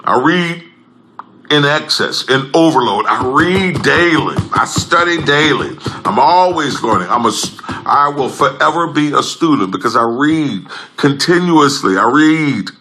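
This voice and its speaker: Man, impassioned speaker, bright tense tone, lively pitch swings, faint background hum. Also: measured pace. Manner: emphatic and repetitive, swings between loud and low. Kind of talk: impassioned public address.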